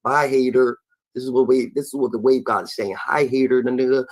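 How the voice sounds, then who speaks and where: A man's voice: mid-range voice, fairly even intonation, fairly quick, rough recording. A man reacting to an interview clip in a profane, mocking rant, padding his lines with a chanted filler. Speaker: reaction commentator.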